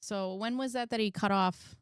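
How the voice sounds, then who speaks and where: A woman's voice: medium pitch, clear, resonant tone, no room sound, studio quality. A woman hosting a reaction video, musing aloud with lots of fillers. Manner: slow, musing, filler-heavy. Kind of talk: casual video reaction chat.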